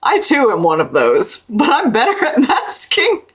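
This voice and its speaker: A woman's voice: high voice, huge pitch swings, normal speed, husky. A woman streamer reacting to a video in casual chat, laid-back, giggly and casually swearing.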